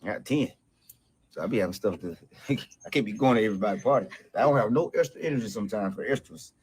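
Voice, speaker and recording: A man's voice: lowish voice, lively intonation, darkish tone, husky. A man acting in a comedy skit as a laid-back father of many kids, speaking slangy and evasive. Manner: fast, slangy, dodging questions.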